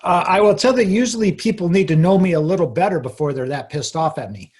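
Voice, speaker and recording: A man's voice: high-pitched, expressive, quick pace, a little mellow. Wry man presenting on a video call. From Arizona. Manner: wry, dry humor, casual asides. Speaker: lawyer giving a talk.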